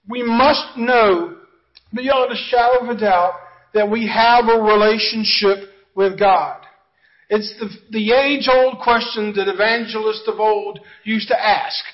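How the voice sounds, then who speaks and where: A man with a high voice preaches a sermon in an earnest, conversational way, full of asides to his congregation. The recording sounds dull and lo-fi. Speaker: pastor.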